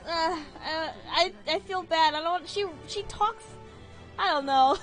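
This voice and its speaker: Streamer, woman: high, lively, bright voice, rambling and giggling, faint game music underneath. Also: unhurried. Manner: giggly, rambling, self-deprecating. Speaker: streamer and voice actor. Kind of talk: casual livestream chat while playing a game.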